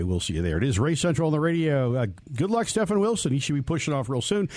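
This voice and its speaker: A man's voice: mid-range voice, big pitch swings, quick pace, a little mellow, no room sound. A man hosting a motorsports radio show, talking casually with lots of fillers and restarts. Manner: rambling, many fillers and restarts.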